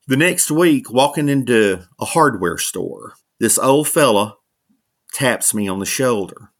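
A man's voice: mid-range voice, expressive, unhurried. A middle-aged man, a minister, telling his life story in an interview, laughing often and acting out the voices of people he quotes. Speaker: guest, minister and author.

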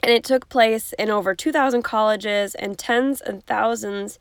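A woman's voice: a little high, steady tone, unhurried, creaky, clean tone, no room sound. A woman hosting an unedited podcast, rambling in a bubbly, chatty way with goofy asides. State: hiccups. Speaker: podcast host.

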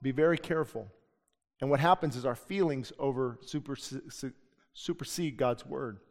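A man's voice: medium pitch, moderate pace. A middle-aged male pastor preaching a sermon with passion, switching into the voices of the people he quotes. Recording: long hall reverb.

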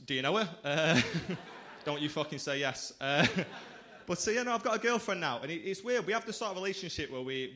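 A male comedian on a club stage, bantering with the audience in a bright, forceful voice. His pitch sits a little high for a man, and he pulls the crowd into his jokes with easy cheek. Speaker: stand-up comedian. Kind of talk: stand-up routine.

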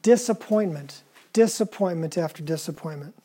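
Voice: medium pitch, moderate pace, warm tone, slightly rough. A preacher giving a conversational sermon, asking the listeners questions and retelling scripture in casual, everyday words.

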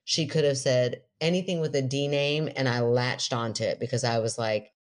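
Middle-aged woman, podcast co-host, very deep voice, lively storyteller. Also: moderate pace. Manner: animated storyteller, laughs often, quotes herself in a raised voice. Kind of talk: casual chat, storytelling.

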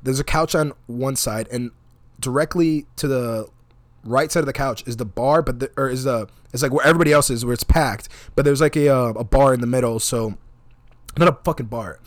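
Fast-talking, profane young man. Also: mid-range voice. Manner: profane, animated, acts out quotes. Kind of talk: casual storytelling chat.

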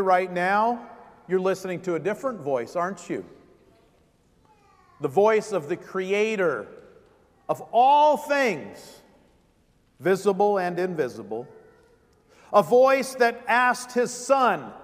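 A man's voice: high-pitched, sing-song, takes it slowly, pauses often, big-room sound. A man preaching a sermon as vicar, driving points home with repeated rhetorical questions.

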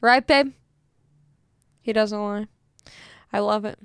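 A woman's voice: mid-range voice, fairly even intonation, takes it slowly, clear, resonant tone, no echo, clean studio sound. A young woman hosting a casual talk show, chatty and self-mocking, rambling through a sponsor read. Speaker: podcast host reading an ad.

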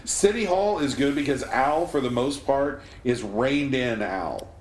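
A man's voice: mid-range voice, lively intonation, unhurried. A chatty, opinionated man sharing casual movie reviews as a podcast co-host, swearing now and then. His voice carries through an echoey room with a faint hum of noise behind.

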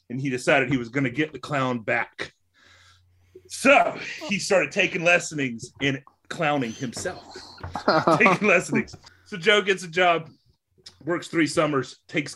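A man's voice: fairly high pitch, sharp tone. A man in casual chat, telling a long rambling joke with swearing and laughs. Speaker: podcast co-host.

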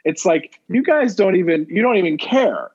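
A man's voice: sits high, expressive, moderate pace, breathy edge. A man co-hosting a podcast in casual chat, swearing often, repeating himself and laughing. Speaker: podcast co-host. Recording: muffled lo-fi audio.

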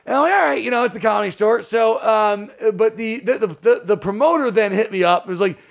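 A man who works as a stand-up comedian, telling stories in casual podcast talk with quick asides and swearing. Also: high-pitched, vocal fry. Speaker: comedian guest.

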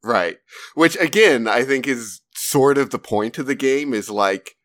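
A man's voice: medium pitch, lively intonation, measured pace, fairly bright tone, no room sound, studio quality. A man co-hosting a podcast, mostly giving short replies and wry comments in casual chat. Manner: laid-back listener, short replies and wry asides. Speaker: podcast co-host.

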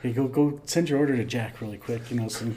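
A man's voice: medium pitch, quick pace, dark tone. Rambling man telling bar stories. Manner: rambling, repeats and restarts words, laughs through lines. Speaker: podcast guest. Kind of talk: casual storytelling.

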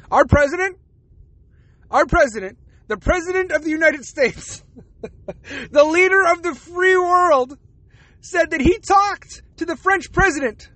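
High, bright-voiced man ranting. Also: no echo. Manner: profane, laughs between rants. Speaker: podcast host. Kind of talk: casual ranting monologue.

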